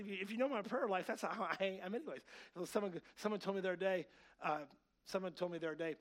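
A man preaching to his church, his voice sitting a little high for a man. He swings from quiet, chatty asides to loud, excited preaching. He wears a clip-on mic in the sanctuary. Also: fast talker. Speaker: pastor. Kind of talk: sermon. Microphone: clip-on mic that keeps slipping.

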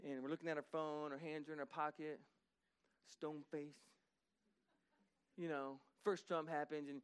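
A man's voice: a little high, lively intonation, measured pace. A man preaching a sermon in a church, telling folksy stories and acting out dogs and churchgoers. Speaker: pastor. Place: church sanctuary.

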